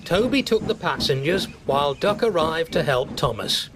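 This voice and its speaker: A man narrating a children's storybook with gentle, steady storytelling. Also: on the high side, normal speed. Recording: loud music underneath.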